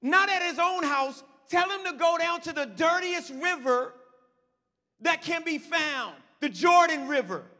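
A man's voice: very high-pitched, animated, unhurried, bright, forceful tone, in a large hall, heavily acted. A man voicing a laid-back prophet who calls out casual orders in slang. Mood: offhand. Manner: casual, offhand commands, slangy.

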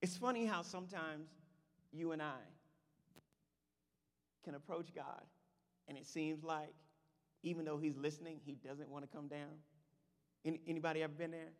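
A man preaching a sermon in church, animated and talking directly to the congregation. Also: on the high side, moderate pace, pauses often, long reverb tail. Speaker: pastor.

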